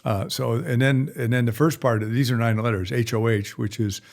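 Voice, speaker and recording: A man's voice: mid-range voice, fairly quick, gravelly. A middle-aged male veterinarian chatting on a podcast, rambling and folksy with blunt asides. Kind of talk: casual podcast chat.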